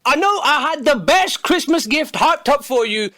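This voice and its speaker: A man's voice: very high voice, expressive, normal speed, pushed and bright, no echo, studio quality. A man delivering a sarcastic, heavily profane comedic monologue, recorded on a phone. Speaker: comedy video creator.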